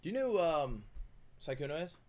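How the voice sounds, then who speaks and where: A man's voice: a little high, sing-song, brisk, a little mellow. A young man hosting a live stream, chatting casually and teasing his opponents during a poker game. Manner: playful, teasing, bursts into laughs. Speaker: streamer host.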